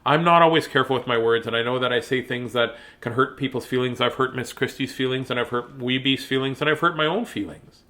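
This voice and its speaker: A man who hosts a children's reading show, speaking gently and earnestly to young viewers about kindness, with pauses and filler words. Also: mid-range voice. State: choked up. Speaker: children's story reader and host. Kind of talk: reading aloud to kids, then heartfelt talk.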